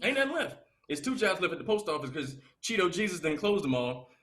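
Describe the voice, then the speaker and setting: Fast, bright-voiced young comedian. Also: male voice, high voice. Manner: loose, animated storytelling with frequent laughter. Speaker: stand-up comedian. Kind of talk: stand-up comedy set.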